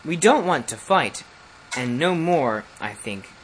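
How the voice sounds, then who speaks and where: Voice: medium pitch, animated, slow, a little hiss or hum, poor audio. A reader doing a breezy, cheerful prince. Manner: light, breezy and confident. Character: cheerful, cool-headed young prince.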